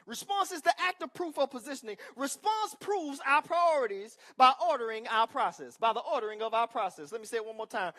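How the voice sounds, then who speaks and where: A very high-pitched, animated male preacher talks a little fast with few pauses. His sermon features emphatic call-and-response asides and shifts between loud proclamations and soft remarks.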